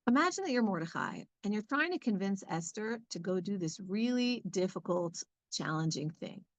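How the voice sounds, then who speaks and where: A woman giving a conversational Bible lesson, speaking in a chatty, lively way with lots of fillers. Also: mid-range voice, moderate pace, no room sound, low-quality recording. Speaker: Torah teacher.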